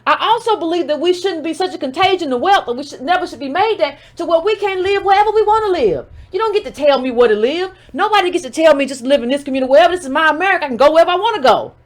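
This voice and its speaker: A woman with a high voice hosts a live commentary stream. She talks emphatically, throws pointed rhetorical questions at the person she is discussing, and turns often to address her viewers directly. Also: expressive, rapid-fire, hardly any pauses. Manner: speaks directly to her audience. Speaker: political commentator. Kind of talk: livestream commentary.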